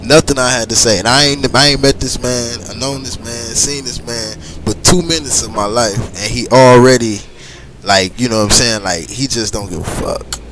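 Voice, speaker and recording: A man's voice: medium pitch, moderate pace, noisy background. A middle-aged man talks casually over a driving game. He rambles, circles back often and leans on filler phrases. His voice sits in an ordinary middle range. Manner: animated, rambling, frequent "you know what I'm saying". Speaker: gaming streamer telling a story. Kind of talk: casual storytelling over gameplay.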